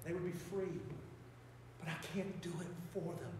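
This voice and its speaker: A man's voice: high voice, steady tone, moderate pace, darkish tone, recorded from a distance, slight background noise. A man with an Appalachian accent preaching a sermon as pastor, with fervent, repetitive exhortations. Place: church sanctuary. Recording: echoey church hall, mic from afar.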